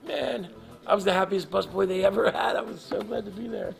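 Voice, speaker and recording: A man telling an animated, emotional anecdote as a guest in a live interview, acting out the people in his story. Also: sits high, brisk, creaky, over music. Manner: emotional, laughs while telling. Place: live event in front of an audience.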